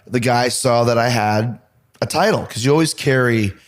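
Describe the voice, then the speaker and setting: Guy on a podcast spinning a road story, chatty and loose, average pitch. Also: moderate pace. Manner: lively anecdotes with casual swearing and laughs. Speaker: podcast host. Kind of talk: casual storytelling chat.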